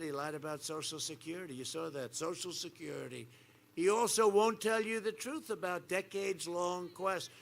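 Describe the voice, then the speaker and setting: A man in his seventies gives a boastful, repetitive campaign speech from an outdoor rally stage, swinging between quiet asides and loud attacks. His voice sits high and is creaky. Faint background noise from the outdoor rally is audible.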